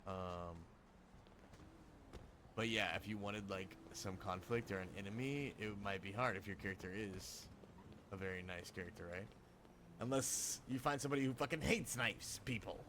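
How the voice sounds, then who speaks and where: A man's voice: fairly low pitch, moderate pace, background noise. A male streamer chatting casually with viewers, laid-back and rambling, with frequent swearing.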